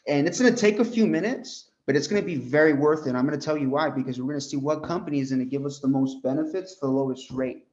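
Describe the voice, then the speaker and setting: A young American man training insurance agents, animated and full of "right?" as he role-plays his pitch. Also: fast, few pauses. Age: young adult. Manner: animated, peppers talk with "right?" and "bro". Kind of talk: sales coaching talk with role-played pitch. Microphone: group call. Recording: dull lo-fi call audio.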